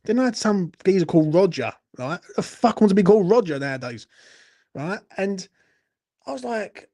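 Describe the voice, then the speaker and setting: A man's voice: sits high, sing-song, moderate pace, dark tone. A man hosting a late-night fan Q&A, tipsy, swearing and ranting with laughing banter. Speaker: fan channel host. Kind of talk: late-night live Q&A chat.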